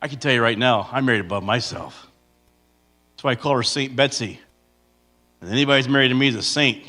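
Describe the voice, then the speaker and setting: A man in his fifties telling comic stories to a church congregation, acting out loud impressions of himself and his wife. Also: mid-range voice, fairly quick. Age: 50s. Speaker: comedian speaking at church. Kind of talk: comedic storytelling to a congregation. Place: church sanctuary.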